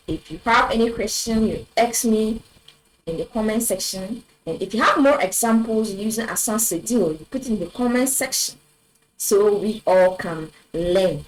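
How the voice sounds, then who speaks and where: A woman teaching a French lesson online, repeating each example word slowly and clearly. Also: mid-range voice, low-quality recording. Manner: slow, deliberate, repeats words for clarity.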